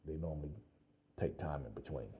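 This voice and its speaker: A man vlogging, telling a lively personal story in casual slang with frequent laughs. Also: a bass voice, brisk, muffled recording, a little hiss or hum.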